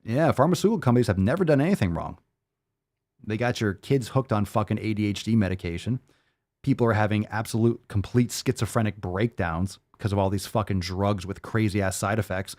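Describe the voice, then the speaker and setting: An adult man, 30s or older, hosts a fitness podcast and goes on a heated, profanity-laced rant. His voice is lowish and darkish in tone, and he talks fairly quickly.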